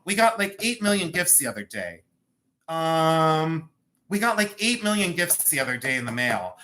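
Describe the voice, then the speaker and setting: A man hosting a live jewelry and art sale stream, talking in a chatty, excitable way with self-mocking banter from a room at home. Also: fairly high pitch, normal speed, slight background noise. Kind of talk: live-stream selling chat.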